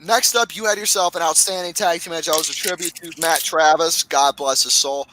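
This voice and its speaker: A man hosting a casual podcast, recapping wrestling matches with lots of swearing and excitement. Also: a little high, brisk, noisy background. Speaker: podcast host.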